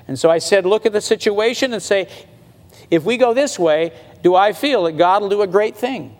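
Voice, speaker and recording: A man with a high voice, preaching a sermon in a relaxed, conversational way. He slows right down to stress a point and climbs higher when he presses it home. The sound carries a long reverb, as in a big hall. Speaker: pastor.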